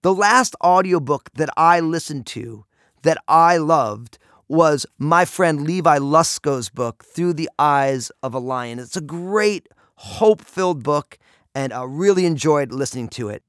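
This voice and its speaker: A man's voice: on the high side, lively intonation, a little slow, a bit bright, clear, resonant tone, no echo, studio quality. A man, a pastor and author, speaking upbeat and enthusiastically about recording his own audiobook.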